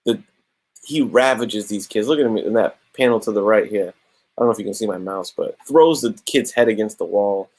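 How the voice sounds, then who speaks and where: A man casually reviewing comics, telling the story in animated slang with quick asides. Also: on the low side, breathy edge, low-quality recording.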